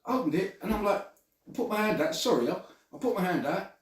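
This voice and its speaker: Echoey, high-voiced sweary man. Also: animated, brisk. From Britain. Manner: sweary, laughing, stammering storyteller. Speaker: podcast host. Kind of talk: casual group chat. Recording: echoey room, mic at a distance.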